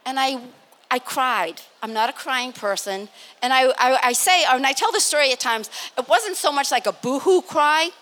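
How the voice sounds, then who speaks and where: An older woman from Massachusetts telling a lively story as a guest on a live panel, laughing and acting out what people said. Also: high-pitched, normal speed. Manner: animated, laughing, acts out quotes. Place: live expo stage.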